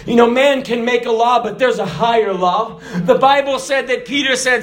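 A man preaching a sermon, animated, swinging from loud shouted peaks to soft low asides. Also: normal speed, few pauses.

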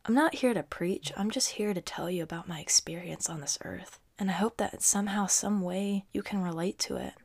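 A woman's voice: medium pitch, moderate pace, hardly any pauses, a little mellow. A young woman hosting a podcast, talking in an earnest, encouraging way, a little stuffy, often dropping to a near whisper. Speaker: podcast host. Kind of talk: reflective faith-based podcast monologue.

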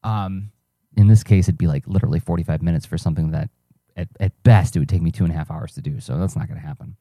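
Low, mellow man musing aloud. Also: quick pace, no echo, clean studio sound. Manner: rambling, self-correcting, conversational. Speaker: podcast host, cartoonist and teaching artist. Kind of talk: reflective solo podcast monologue.

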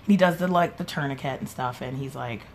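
A woman's voice: rumbling low, a little fast, a little hiss or hum. A young woman telling a rambling, swear-filled personal story as a podcast host, quoting people as she goes. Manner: rambling, swears freely, quotes people in little voices. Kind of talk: casual storytelling monologue. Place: home, sipping a drink while recording.

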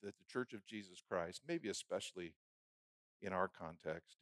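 A man preaching a sermon who builds phrases into rhythmic lists and drops from loud emphasis to a hushed, prayerful murmur. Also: low-pitched, moderate pace, dry recording, clean studio sound.

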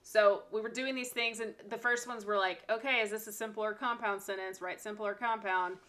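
A woman co-hosting a podcast, a teacher venting and telling classroom stories in animated, casual talk. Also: medium pitch, fairly quick. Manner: animated venting, acting out quotes. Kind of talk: casual chat.

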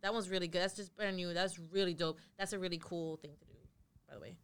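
A woman's voice: lowish voice, steady tone, quick pace. A young woman from New York, blunt and swearing freely, trading stories in a casual group chat.

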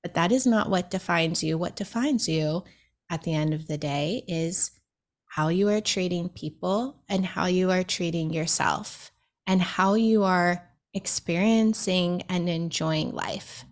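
A young adult woman speaking as a guest in an interview, earnest and reflective, with soft laughs and filler words. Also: lowish voice, a little slow. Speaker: podcast guest. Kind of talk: heartfelt interview conversation.

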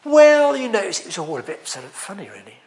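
Lively, chatty preacher man. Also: high-pitched, fairly quick. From England. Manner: chatty, anecdotal, self-deprecating humour. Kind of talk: sermon.

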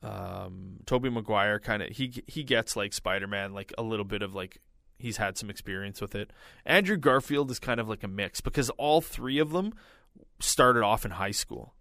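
Male podcast co-host, lowish voice, dry close mic, loose rambling chat full of fillers. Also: moderate pace, vocal fry, bright, forceful tone, no room sound. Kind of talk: casual chat.

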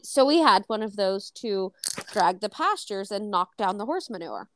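A woman co-hosting a casual podcast, telling a story with lively acted-out quotes and plenty of swearing. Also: medium pitch, moderate pace, a little hiss or hum. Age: adult. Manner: animated, acts out quoted dialogue, swears freely. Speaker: podcast co-host.

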